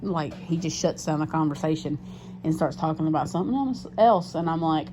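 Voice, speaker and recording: A woman's voice: sits low, brisk. A woman talking candidly in a casual confessional diary vlog, rambling with fillers and restarts and swearing freely. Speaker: diary vlogger. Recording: muffled lo-fi sound with steady background noise.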